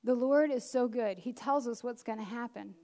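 A woman preacher giving a lively, chatty sermon with self-deprecating asides. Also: fairly high pitch, moderate pace. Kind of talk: conversational sermon.

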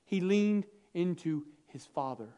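A man preaching a sermon, swinging from hushed, intimate lines to loud, animated bursts, acting out quoted dialogue with humor. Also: high voice, unhurried, clear, resonant tone.

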